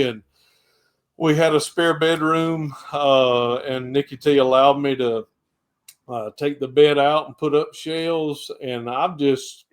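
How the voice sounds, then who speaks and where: A man with a thick Southern Georgia accent, a pastor chatting as a guest in a relaxed, folksy, rambling way. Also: on the high side, clean tone. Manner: folksy, rambling, with country sayings. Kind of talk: casual podcast interview.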